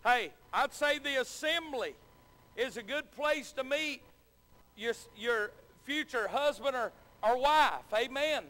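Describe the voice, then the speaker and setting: A middle-aged man preaches in a high, ringing voice. His words come in earnest, repeated phrases punctuated by amens. The sound trails off into the long echo of a church hall. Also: takes it slowly, bright, forceful tone. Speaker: pastor. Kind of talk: sermon. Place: church sanctuary.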